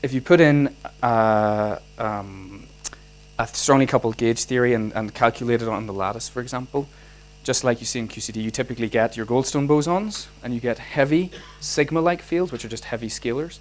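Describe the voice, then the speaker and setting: A man with a Northern Irish accent lectures on physics in a hall. His pitch sits mid-range and he talks in an animated way, stopping and restarting sentences. A faint mains hum sits under the recording. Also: normal speed. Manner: animated, many restarts and fillers.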